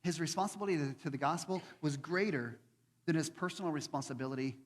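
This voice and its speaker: High-voiced preacher guy, really lively, bit husky, big reverby church hall. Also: fast talker. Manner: animated, acts out voices of people in the story. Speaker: pastor. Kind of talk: sermon.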